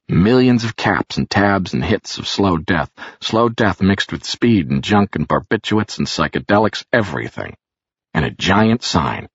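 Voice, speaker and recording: Low gravelly guy reading an audiobook, husky, dry close sound, dull lo-fi. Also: a bit bright, no echo. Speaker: narrator. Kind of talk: audiobook narration. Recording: dull lo-fi recording.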